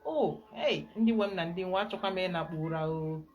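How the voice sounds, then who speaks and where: A woman with a Nigerian accent, a spiritual guide giving an emphatic, animated teaching talk. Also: on the low side, rapid-fire, lo-fi sound, faint music behind.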